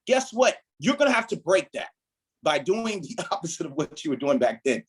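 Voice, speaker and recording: Husky, animated man giving a pep talk. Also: high-pitched, normal speed, poor audio. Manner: emphatic, repeats "right?", preachy build-ups. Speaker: team leader and mentor. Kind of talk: motivational training talk.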